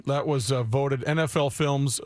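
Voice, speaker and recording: A man's voice: mid-range voice, fairly even intonation, a little slow, no room sound. A man working as producer on a sports radio show, chiming in with facts. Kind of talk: casual sports radio chat.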